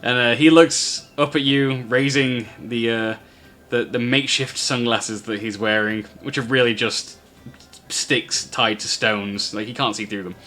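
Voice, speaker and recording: Male game master, bright voice, easygoing narration, faint music underneath. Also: mid-range voice, steady tone, a little slow. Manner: narrates with frequent fillers and chuckles.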